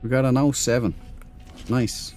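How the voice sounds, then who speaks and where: Speaking a little slowly in a steady, medium-pitched and slightly mellow voice, a man from Ireland plays a space game on stream with faint music in the background. He's chatty and meandering, talking to his audience and his in-game crew alike.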